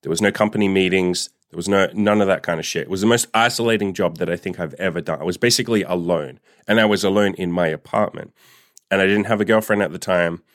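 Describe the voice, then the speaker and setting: A man with a very low voice talks straight into a dry, close mic. He tells a personal story in a loose, candid way, swearing freely and filling gaps with "like." It sounds casual and unscripted. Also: fast talker, dry recording. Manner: candid and profane, heavy use of "like". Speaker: vlogger.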